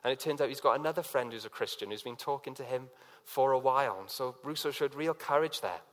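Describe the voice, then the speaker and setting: A man's voice: mid-range voice, fast talker, a bit bright. Conversational man preaching a sermon. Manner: conversational, with many fillers and acted-out quotes. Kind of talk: sermon with personal stories.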